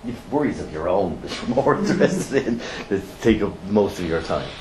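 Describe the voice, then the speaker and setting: A middle-aged man teaching a training course, blunt and lively, firing rhetorical questions at the room. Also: on the low side, normal speed. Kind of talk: classroom teaching. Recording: roomy echo, faint background noise.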